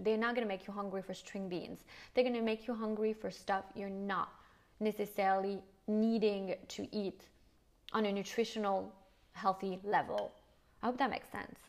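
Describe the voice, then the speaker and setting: A middle-aged Frenchwoman from France hosts a casual solo podcast in a mid-range voice with vocal fry and a French accent. She's frank, swears casually, and slips French phrases into her talk.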